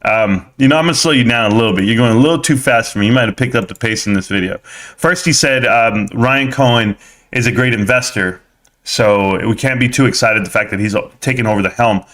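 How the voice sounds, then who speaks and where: A man's voice: mid-range voice, brisk. Chatty male stock-stream host. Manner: energetic, talks straight to viewers as "guys". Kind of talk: casual stock-market live stream chat.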